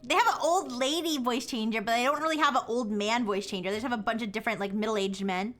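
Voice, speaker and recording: Giggly high-voiced young woman streamer. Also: fast talker, fairly bright tone, faint music behind. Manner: giggly, rambling, self-mocking. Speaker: VTuber streamer. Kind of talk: casual live-stream chat.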